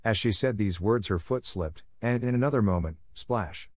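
A man narrating a classic storybook in a steady, clear reading. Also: lowish voice, normal speed, no echo. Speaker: audiobook narrator. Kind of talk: scripted narration.

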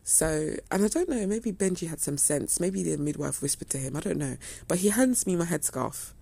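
A woman's voice: fairly low pitch, animated, moderate pace, creaky, mellow, breathy edge, dry recording. A young woman telling a story to her viewers in a casual, chatty way. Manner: chatty, acts out quoted dialogue. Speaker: vlogger.

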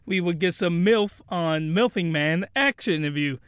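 A young man hosting a comedic review, rambling and excitable, with loud bursts of ranting. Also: sits high, unhurried, clean tone, dry recording, clean studio sound. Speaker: host.

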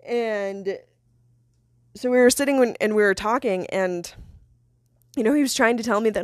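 A young woman hosts her own podcast and tells a personal story with candid, animated energy. She fills her talk with "like" and swears freely. Her voice sits at a middle pitch and sounds close and dry. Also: moderate pace, pauses often, dry recording. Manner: animated, swears, laughs often, many fillers. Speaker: podcast host.

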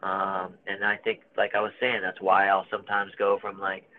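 A man's voice: low voice, completely flat delivery, moderate pace, a little hiss or hum. A man in his thirties talking openly and emotionally as a guest, searching for words with many fillers and restarts. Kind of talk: candid conversation. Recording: phone-like narrow band.

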